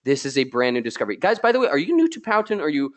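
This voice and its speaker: A man hosting a live software tutorial, excitable and chatty, joking with his viewers, a little tired from being ill. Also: fairly high pitch, rapid-fire. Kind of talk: live screen-share tutorial.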